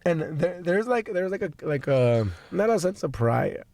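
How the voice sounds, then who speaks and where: A young man hosting a podcast, hoarse from a recent illness, rambling and swearing in casual chat. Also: a little high, very animated, measured pace, a little mellow, dry recording. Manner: rambling, laughing, swearing a lot. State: hoarse from being sick. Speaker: podcast host.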